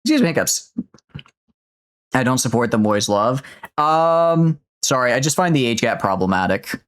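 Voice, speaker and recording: Chatty man with a lively voice. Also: mid-range voice, normal speed, smooth. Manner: chatty, laughs often, replies to chat. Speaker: streamer. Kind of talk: casual gameplay commentary.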